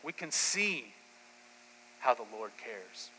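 Bright-voiced pastor preaching in a hall. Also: male voice, mid-range voice, slow, breathy edge. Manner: lively storytelling retelling scripture in casual speech. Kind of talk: sermon.

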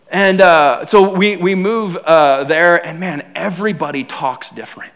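A young man preaching a sermon, casual and animated, acting out quotes as he tells stories. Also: high voice, brisk, few pauses. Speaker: pastor.

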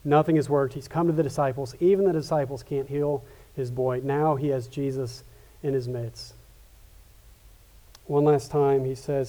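Man, pastor, sermon, earnest, mellow tone, slightly higher pitch, stumbling restarts. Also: unhurried. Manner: earnest, with frequent restarts and repetitions.

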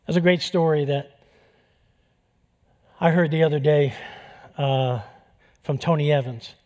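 A man with a New York accent preaching a sermon, animated and building to emphatic peaks. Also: fairly high pitch, measured pace. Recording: long hall reverb.

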